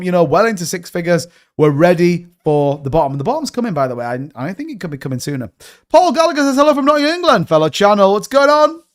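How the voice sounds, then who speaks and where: A young man hosts a live crypto stream, his voice sitting a little high. He rambles and gets excited, talking directly to the people watching. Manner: excitable, rambling, talks straight to viewers. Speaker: crypto channel host. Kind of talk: live-stream market commentary.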